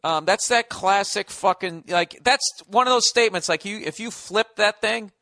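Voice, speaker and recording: American male podcast host, high and bright, biting sarcastic rant full of swearing, dry close sound. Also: moderate pace, vocal fry, no echo. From United States. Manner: sarcastic, profane, mocking. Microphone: studio podcast mic.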